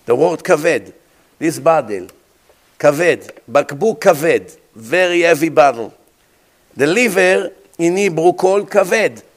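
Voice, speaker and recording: A man with a fairly high voice delivers a sermon as a rabbi. His English is imperfect in grammar, and he tells vivid stories, throwing rhetorical questions at his listeners. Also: animated, slow pace.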